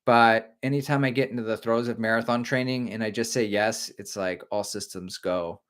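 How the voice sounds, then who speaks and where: A man's voice: lowish voice, fairly even intonation, moderate pace. A middle-aged man hosting a casual live stream, joking and rambling while he reads viewer comments aloud.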